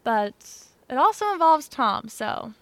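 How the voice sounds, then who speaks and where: A woman's voice: high voice, big pitch swings, measured pace, no echo. A young woman co-hosting a podcast, telling a story in a chatty, sarcastic way. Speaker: podcast co-host. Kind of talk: casual chat.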